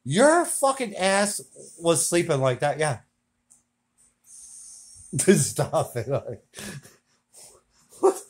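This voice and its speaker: A man in his forties laughing his way through a casual home video, loud and full of swearing. His voice sits a little high and swings widely in pitch. He talks at an unhurried, drawn-out pace. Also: very animated. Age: 40s. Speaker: filming his girlfriend at home.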